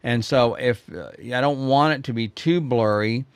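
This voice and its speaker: A man's voice: mid-range voice, a little slow, smooth, no echo. A man teaching photography in a live quiz stream, talking straight to viewers in a rambling, chatty way with many fillers and restarts. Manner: chatty, addresses viewers directly.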